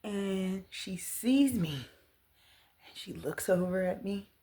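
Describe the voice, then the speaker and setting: A woman in her thirties telling a personal story to the camera, earnest and animated as she retells it. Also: medium pitch, slow. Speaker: vlogger.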